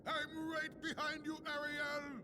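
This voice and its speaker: Fussy crab adviser, high and gravelly, unhurried; noisy track. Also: male voice, monotone, sharp tone, exaggerated voice. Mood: fretful. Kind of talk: video game voice acting.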